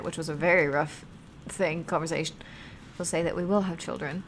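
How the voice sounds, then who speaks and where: A woman's voice: fairly low pitch, steady tone, moderate pace, slight background noise. A young woman streamer reading a text game aloud, reacting expressively and swearing freely.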